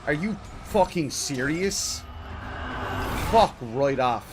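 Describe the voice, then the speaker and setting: A man's voice: a little high, animated, slow pace, background noise. Angry, swearing male game streamer. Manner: exasperated, profane ranting at chat. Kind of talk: live let's play commentary. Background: game music.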